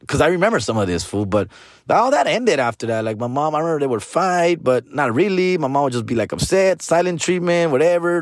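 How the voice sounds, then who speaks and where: A man in his forties with a Chicano Los Angeles accent rambles through a profane, slangy story, dropping Spanish words and "fool" and "dog" into nearly every line. His voice sits in a middle range. The sound is close and dry, with no room echo. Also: medium pitch. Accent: Chicano English from Los Angeles. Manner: rambling, trails off and restarts, says "fool" and "dog" often. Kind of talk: casual storytelling monologue.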